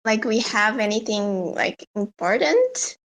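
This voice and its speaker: Woman, slow, hesitant, giggly, casual chat. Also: fairly high pitch, very animated. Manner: hesitant, giggly, lots of fillers. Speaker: guest speaker in a live audio room.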